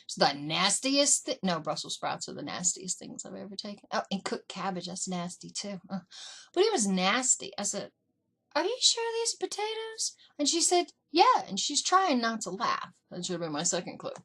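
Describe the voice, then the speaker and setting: A middle-aged woman vlogger telling family stories in a casual, animated way, acting out what her relatives said. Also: medium pitch, moderate pace, vocal fry, slightly rough. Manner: animated, acts out family members in quotes. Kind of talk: casual storytelling. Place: indoors.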